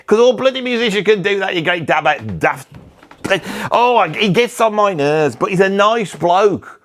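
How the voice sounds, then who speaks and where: A man's voice: on the high side, a little fast. A British man hosting a comic monologue, ranting about musicians in a sarcastic, opinionated, grumbling way. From Britain. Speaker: musician and video host.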